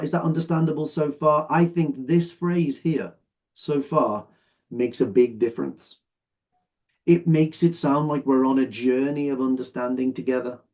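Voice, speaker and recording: A man's voice: mid-range voice, darkish tone. A man teaching an English exam lesson, explaining patiently and often checking that his students follow. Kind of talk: online lesson, explaining while sorting phrases.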